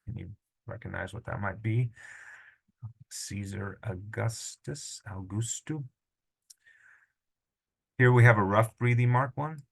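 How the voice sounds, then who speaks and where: A man's voice: on the low side, a little fast, gravelly. A middle-aged man teaching a language lesson, patiently sounding out syllables and correcting himself as he goes. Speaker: Greek teacher. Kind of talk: screen-recorded lesson.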